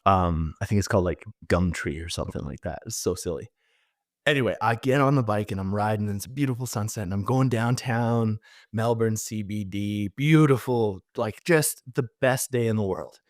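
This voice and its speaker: A man from Canada, a podcast guest vividly telling a personal story in an animated way, full of fillers. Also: on the low side, moderate pace, no room sound, studio quality.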